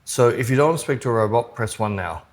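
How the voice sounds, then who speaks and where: A man's voice: medium pitch, expressive, fast talker. Aussie guy on a podcast, blunt and opinionated, swears a bit, medium voice. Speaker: podcast co-host. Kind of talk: casual chat.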